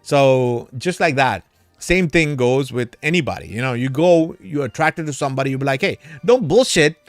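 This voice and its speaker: A man's voice: medium pitch, normal speed, no echo. A man hosting a crypto livestream in a casual, rambling way, a little tipsy from drinking, calling his viewers brother and man.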